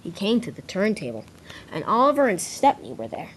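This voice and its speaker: A woman's voice: mid-range voice, sing-song, a little fast, noisy background. A woman casually narrating a homemade toy train story, with small slips and restarts.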